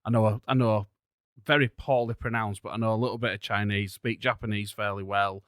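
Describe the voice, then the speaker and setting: A man's voice: fairly low pitch, fairly even intonation, fairly quick, fairly bright tone, no room sound, studio quality. A man talking animatedly in a casual podcast chat, full of restarts and asides.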